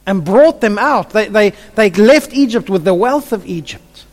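Long hall reverb colors this sermon by a man with an expressive, high-pitched voice at a moderate pace. He narrates vividly, often stammering through restarts that repeat his opening words.

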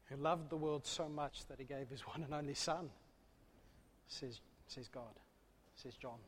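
A man preaching a sermon, swinging between loud, fervent calls and hushed, low asides. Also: a little slow, a little hiss or hum. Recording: long hall reverb.

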